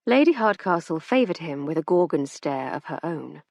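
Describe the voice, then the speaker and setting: A woman narrating a first-person audiobook in a lively, expressive way. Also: sits low, moderate pace, hardly any pauses, dry recording, studio quality.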